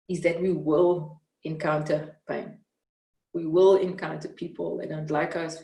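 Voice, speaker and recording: A South African woman with a low voice talks in an earnest, reflective way, lively when she retells a scene. She sits some way from the mic in a room with a noticeable echo. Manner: earnest, animated when retelling, frequent fillers. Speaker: interviewee, mentor. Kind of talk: reflective storytelling in conversation. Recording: roomy, from some distance off the mic.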